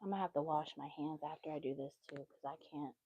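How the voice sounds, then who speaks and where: A woman's voice: low-pitched, quick pace, dark tone, breathy edge, poor audio. A woman giving a casual tarot reading on a livestream, chatty and easily sidetracked, with motherly asides. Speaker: tarot reader.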